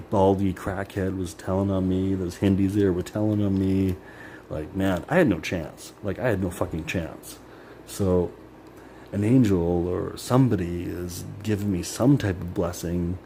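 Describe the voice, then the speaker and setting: A man with a deep, warm voice vents bitterly on his vlog, rambling, swearing and dropping "like" again and again. A little hiss or hum sits under the recording.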